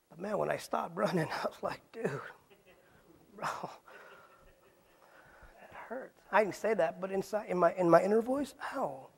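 A man's voice: sits high, gravelly, breathy edge. A man preaching in a Bible study sermon, asking rhetorical questions and using casual street slang. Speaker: pastor.

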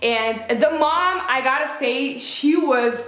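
A young adult woman chatting casually as a vlogger, animated and expressive as she retells things. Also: takes it slowly, faint music behind. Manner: chatty and animated, acts out quotes with pitch jumps. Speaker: vlogger reviewing a film. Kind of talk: casual chat. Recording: echoey room.

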